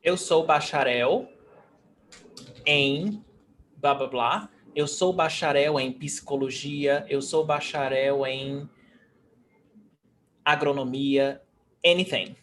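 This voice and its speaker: A Portuguese teacher with a Brazilian accent runs an online language class over a video call, switching slowly and patiently between English and Portuguese. His voice is a little higher than most men's and a bit bright, and he takes his time over each word, with slight background noise.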